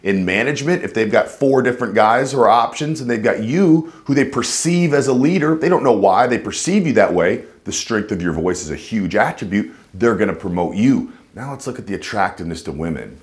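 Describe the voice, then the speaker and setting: Animated man coaching on vocal tone. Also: a little fast, few pauses. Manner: emphatic, drops into a low chest voice to demonstrate. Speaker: dating and voice coach. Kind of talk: instructional talk to camera.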